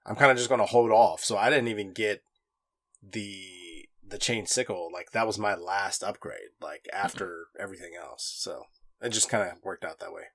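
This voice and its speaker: A man's voice: low voice, normal speed, fairly bright tone, no room sound. A man co-hosting a casual gaming podcast, laid-back, hedging with "kinda" and "like". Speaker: podcast co-host. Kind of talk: casual chat.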